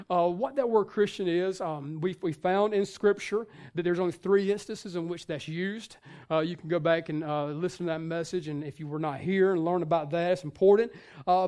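A man's voice: high-pitched, darkish tone. A male pastor giving a sermon in a conversational way, with many fillers and restarts.

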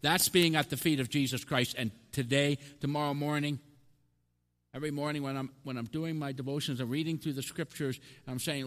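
A man preaching a sermon as pastor of a city mission, impassioned, dropping to hushed tones and rising to loud cries. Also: mid-range voice, a little fast. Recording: long hall reverb.

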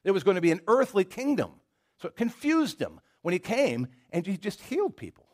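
Man, pastor, middle-aged, sermon, animated storytelling, swooping pitch, stumbles and repeats words. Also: brisk.

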